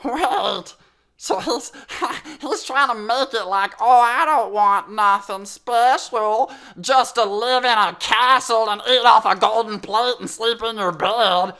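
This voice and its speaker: A woman's voice: fairly high pitch, expressive, slow pace, vocal fry, bright, forceful tone, full character voice. A woman voicing a goofy talking sheep who hosts a children's story show, reading a fairy tale with playful, sassy asides to the listener. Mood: chatty. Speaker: storyteller host.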